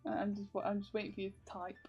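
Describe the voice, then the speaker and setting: A woman's voice: mid-range voice, flat delivery, racing, husky, highs cut off, soft background music. A young woman vlogging in casual, rambling chat, full of fillers and giggles.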